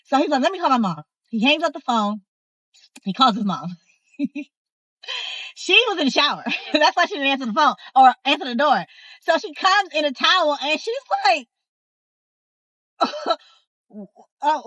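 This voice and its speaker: Sassy woman spilling a story, high voice, bouncy, dry close sound. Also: measured pace, pauses often, no room sound, poor audio. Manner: animated, sassy, talks to the viewer, acts out others' voices. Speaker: storyteller host. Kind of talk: casual storytime.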